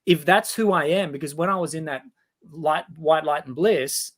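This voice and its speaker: Animated Australian man in his forties telling stories. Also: on the high side, normal speed. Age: 40s. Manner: animated storyteller who acts out quoted voices. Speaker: guest. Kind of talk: casual storytelling interview.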